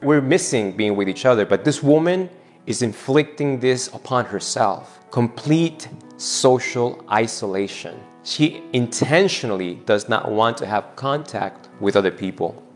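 A man's voice: mid-range voice, animated, a little slow, soft background music. A man preaching a sermon, retelling a scripture scene in a storytelling way and voicing the people in it. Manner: retells the scripture scene, acting out both speakers' lines. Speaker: pastor.

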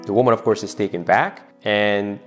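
A man's voice: on the low side, normal speed, faint music behind. A man preaching a sermon, retelling a scripture scene in a storytelling way and voicing the people in it. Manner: retells the scripture scene, acting out both speakers' lines. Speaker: pastor.

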